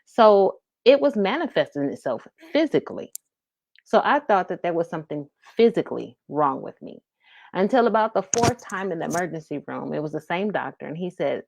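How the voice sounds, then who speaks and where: A woman's voice: fairly low pitch, lively intonation, moderate pace, vocal fry, a little mellow, no echo, dull audio. A middle-aged woman co-hosting a talk show, telling a personal story in an earnest, conversational way. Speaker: podcast co-host. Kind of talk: casual chat.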